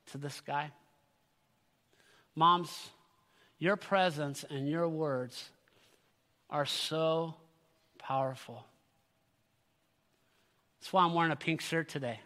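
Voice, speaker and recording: A middle-aged male pastor preaches with earnest conviction and calls out to his congregation. His voice sits high and sounds bright and forceful. The sanctuary gives the sound a long, ringing reverb. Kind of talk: sermon. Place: church sanctuary.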